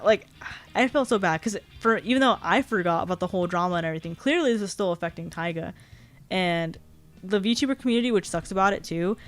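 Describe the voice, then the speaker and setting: A young woman streaming a casual chat, rambling and giggly, often apologizing and filling with "like" and "um". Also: mid-range voice.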